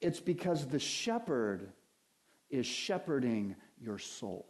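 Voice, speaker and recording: A man preaching a sermon as pastor, rising in emphasis and drawing out key phrases slowly. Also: mid-range voice, very animated, a little mellow. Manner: preaching with swells of emphasis and slow drawn-out phrases.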